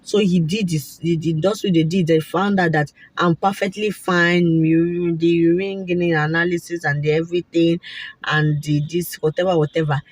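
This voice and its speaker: A woman with a Nigerian accent casually telling a personal story, animated and repetitive, slipping into Pidgin asides. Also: lowish voice, normal speed, no room sound. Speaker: vlogger sharing a fertility story.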